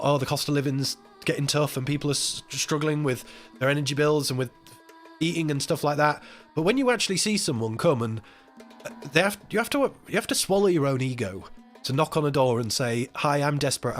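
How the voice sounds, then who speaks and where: Emotional man telling a story. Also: on the high side. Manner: emotional, rambling storytelling with quoted voices. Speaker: live stream host. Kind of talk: casual chat.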